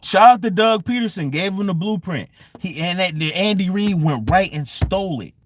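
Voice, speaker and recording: A man hosting a live-streamed sports fan rant, exasperated and repetitive, swinging between loud outbursts and low muttering. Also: expressive, normal speed, slight background noise. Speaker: sports fan channel host.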